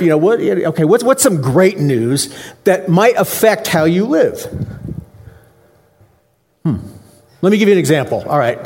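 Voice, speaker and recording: A man's voice: on the high side, darkish tone. A male pastor giving a Christmas Eve sermon in a joking, conversational way, asking the congregation questions.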